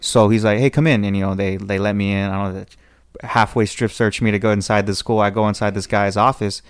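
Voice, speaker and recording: Fast-talking Californian man, smooth and dry. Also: on the low side, flat delivery, no echo. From Southern California. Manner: rambling, with restarts and acted quotes. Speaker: podcast guest telling a story. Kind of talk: casual storytelling.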